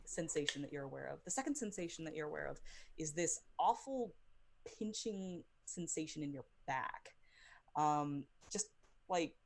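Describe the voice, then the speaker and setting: Low-voiced woman running a tabletop game. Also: a little mellow. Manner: hesitant, many ums. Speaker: dungeon master.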